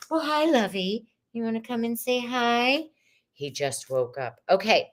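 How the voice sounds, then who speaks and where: A woman's voice: on the high side, animated, a little slow, slight background noise. A woman hosting a live-stream tarot reading, talking casually and swearing freely as she reads viewers' questions aloud. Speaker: tarot reader.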